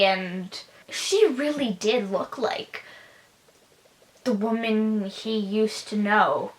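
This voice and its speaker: A woman's voice: mid-range voice, extremely slow. A young woman hosting a casual episode review, chatty and sarcastic. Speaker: host and reviewer.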